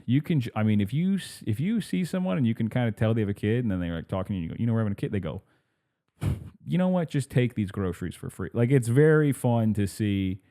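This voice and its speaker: A man's voice: fairly low pitch, mellow. A man hosting his podcast in casual solo chat, rambling and restarting his sentences, laughing often and acting out what people say. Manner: rambling, self-interrupting, laughs often, acts out quotes. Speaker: podcast host.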